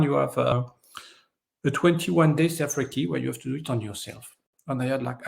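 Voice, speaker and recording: A French-native energy healer, appearing as an interview guest, tells stories in a gravelly, medium-pitched voice. He's an animated storyteller who acts out the voices of the people in his tales.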